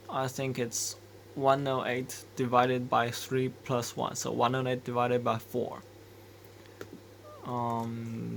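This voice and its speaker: A man talks slowly through a coding walkthrough, pausing and restarting as he works things out. His voice is gravelly and flat in pitch, with a faint hiss of noise behind it. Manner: slow, hesitant, thinking aloud with restarts. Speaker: embedded developer explaining code. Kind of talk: screen-recorded coding walkthrough.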